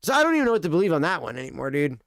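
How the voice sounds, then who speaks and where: Profane, rambling male streamer with a high voice. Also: sing-song, very fast, creaky, fairly bright tone, no room sound, clean studio sound. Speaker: live streamer. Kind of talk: casual live-stream chat.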